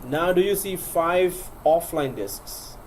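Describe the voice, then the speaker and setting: Male IT teacher, slightly high voice, joking classroom lecture, faint room noise. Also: expressive, slow pace, a little mellow. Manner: joking, laughs often, walks students through steps. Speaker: IT instructor.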